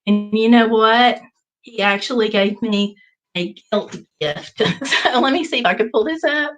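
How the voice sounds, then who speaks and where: A woman hosting a casual livestream, telling a travel story in an animated way and reading viewer comments aloud. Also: fairly high pitch, measured pace, soft background music, low-quality recording. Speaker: livestream host. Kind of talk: casual live chat.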